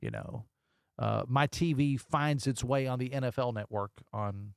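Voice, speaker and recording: A man's voice: mid-range voice, measured pace, creaky, smooth, no room sound. A man hosting a casual call-in radio show from a studio, joking and reading listener texts aloud. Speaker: radio talk show host. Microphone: studio microphone.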